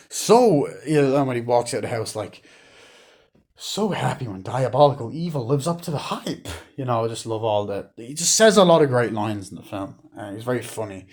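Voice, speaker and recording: A man's voice: medium pitch, darkish tone. A man casually reviewing a movie, rambling with lots of fillers and acting out lines from scenes.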